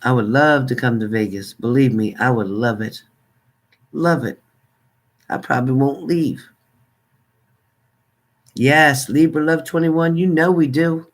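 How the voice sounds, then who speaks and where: A man's voice: medium pitch, a little slow, long pauses. Chatty older man hosting a livestream. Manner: chatty, thanks viewers by name, calls them hon. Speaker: livestream host. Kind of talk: casual livestream chat with viewers.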